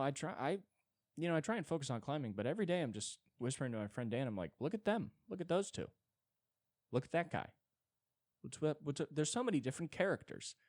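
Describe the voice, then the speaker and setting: Profane, animated man riffing solo. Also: no echo, studio quality. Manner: crude, profane, self-deprecating storytelling; animated, jumps between high and low tones. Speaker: solo podcast host. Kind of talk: rambling comedic monologue. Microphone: podcast mic.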